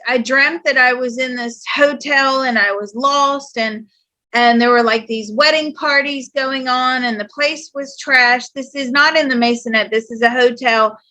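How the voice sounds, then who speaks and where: A woman psychic host chatting casually, telling stories in an animated way and laughing often. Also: sits high. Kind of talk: casual chat.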